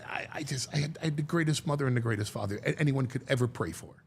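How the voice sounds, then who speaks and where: A man talking as a guest, telling a story in a lively way, acting out quotes and often restarting his sentences. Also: mid-range voice, vocal fry, husky. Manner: animated storyteller, acts out quotes, halting restarts. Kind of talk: storytelling chat.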